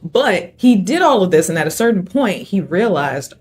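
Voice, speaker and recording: A woman's voice: on the low side, big pitch swings, moderate pace, darkish tone. A woman who is a podcast guest, telling a story in a chatty way and laughing easily. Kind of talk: casual interview chat.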